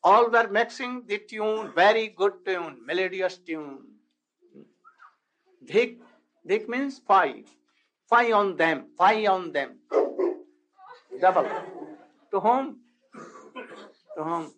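A man with a high voice tells a devotional story slowly, one unhurried phrase at a time. His English is halting and non-native, and he keeps turning to his listeners with rhetorical questions. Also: expressive, a bit bright, low-quality recording. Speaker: spiritual lecturer.

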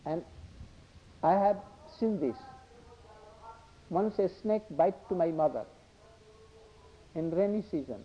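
An older man giving a devotional discourse, halting and repetitive, slipping into Hindi asides. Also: high-pitched, lively intonation. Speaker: religious speaker. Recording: dull lo-fi recording.

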